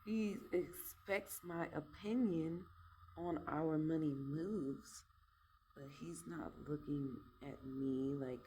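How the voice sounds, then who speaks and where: A woman talking frankly and reflectively to camera about her life, pausing with fillers as she works through her thoughts. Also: low voice, mellow, slight background noise. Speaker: vlogger. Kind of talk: candid personal monologue.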